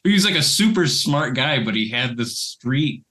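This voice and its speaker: A man's voice: medium pitch, animated, moderate pace, fairly bright tone. A man telling a rambling anecdote in casual podcast chat. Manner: rambling anecdote with restarts and laughter. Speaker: podcast co-host and creator.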